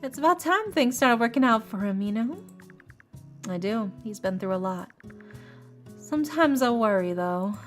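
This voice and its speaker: A woman's voice: on the high side, lively intonation, moderate pace, long pauses, soft background music, voice pushed up, lightly acted. A woman voicing a gossipy young Southern belle woman with a put-on Southern accent, reading her lines aloud. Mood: fretful gossip. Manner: sweet, chatty, gossipy.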